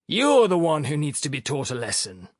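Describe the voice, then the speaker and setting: A man's voice: on the high side, huge pitch swings, moderate pace, no room sound, clean studio sound. A man voicing a stern, exasperated older professor, severe and indignant in manner.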